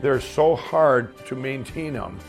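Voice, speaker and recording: A man with a gravelly, creaky voice tells his own story in a loose, rambling way, doubling back and adding asides as he goes. His pitch sits in an ordinary middle range. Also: expressive, takes it slowly, soft background music. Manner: rambling, many restarts and asides. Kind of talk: casual spoken recollection.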